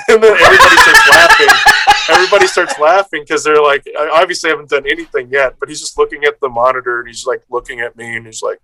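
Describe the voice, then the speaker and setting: A man, an improv performer, telling a casual anecdote with lively energy, acting out other people's lines and swearing freely. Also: fairly high pitch, quick pace, background noise.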